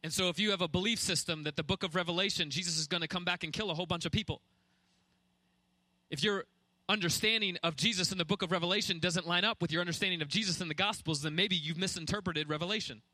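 A man preaching a sermon at a quick pace, firing off rhetorical questions with intensity. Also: sits high, bright, forceful tone, no room sound. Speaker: pastor.

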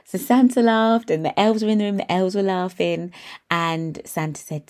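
A woman's voice: medium pitch, normal speed, a little mellow. A woman in her thirties hosting a podcast, speaking in an upbeat, encouraging and emphatic motivational monologue. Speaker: podcast host and nail tech mentor.

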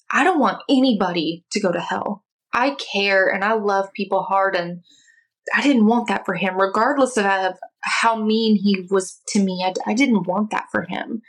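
An interview guest with a medium-pitched voice tells her personal faith story in conversation, earnest and heartfelt, occasionally restarting her words. The recording quality is low.

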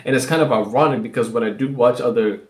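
A man's voice: mid-range voice, fast. A man hosting a solo podcast and rambling casually, with lots of swearing and "like" fillers. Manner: loose and profane, with many "like" fillers. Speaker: podcast host.

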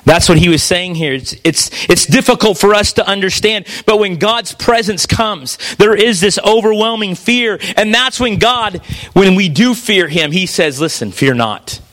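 High-voiced preacher reading scripture. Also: male voice, normal speed, fairly bright tone, faint music behind. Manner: reads scripture aloud with emphasis. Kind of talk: sermon.

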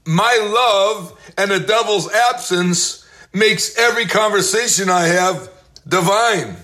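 A man in his late sixties hosting a motivational faith talk, reciting affirmations and telling stories in a slow, emphatic preacherly way. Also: high-pitched, pushed and bright. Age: 60s. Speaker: host.

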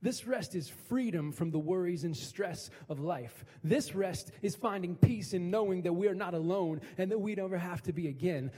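A man's voice: high-pitched, lively intonation, normal speed, hardly any pauses, darkish tone, long reverb tail. A middle-aged man preaching a sermon as pastor, building emphasis through repeated phrases. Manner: preaching with rising, emphatic repetition.

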